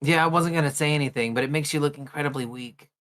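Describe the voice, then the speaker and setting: A man's voice: fairly high pitch, fast talker, a bit bright, no echo. A man playing a tabletop game, arguing jokingly in a mock-serious tone. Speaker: player. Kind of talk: casual tabletop role-play chat.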